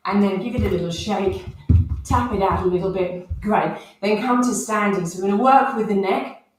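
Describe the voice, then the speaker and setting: A woman guides a stretch and breathing session in a calm coaching manner, letting out sighs and breaths as she moves. Her voice sits a little high and comes from some distance away from the mic. The room rings with strong echo. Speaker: movement and breath instructor. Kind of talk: guided exercise instruction. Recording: roomy sound from far off the mic.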